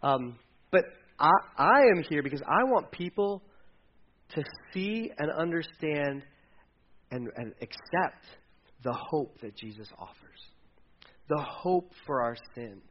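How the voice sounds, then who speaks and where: Fairly high-voiced pastor preaching, lo-fi. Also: male voice, lively intonation, takes it slowly, a little hiss or hum. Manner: casual storytelling with acted voices for characters. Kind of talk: sermon.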